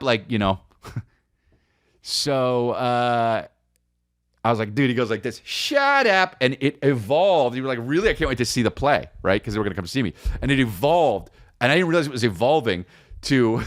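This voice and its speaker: A man's voice: medium pitch, no room sound, studio quality. A man in his forties hosting a podcast, rambling through a comedic monologue and slipping into silly voices. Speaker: podcast host.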